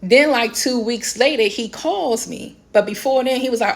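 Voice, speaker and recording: A fairly high-voiced woman with a D.C. rants through a personal story to her camera. She is blunt and emphatic, full of slang, and her voice shoots up in pitch whenever she is fed up. She sounds middle-aged. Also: moderate pace. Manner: animated and emphatic, voice leaps high when exasperated; blunt, slangy, repeats "this, that, and the third". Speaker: vlogger. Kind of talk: casual storytelling rant.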